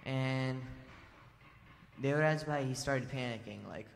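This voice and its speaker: A man's voice: mid-range voice, measured pace, creaky. Casual male storyteller in an echoing hall. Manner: casual, many fillers like "like". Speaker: story presenter at a temple youth assembly. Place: large temple assembly hall. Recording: long reverb hall.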